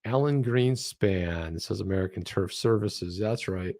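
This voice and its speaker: A man's voice: deep voice, measured pace. A man co-hosting a crypto talk livestream, talking casually and sarcastically, often slipping into mocking quoted voices. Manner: animated, sarcastic, mimics people in quoted voices. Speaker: co-host of a crypto talk show.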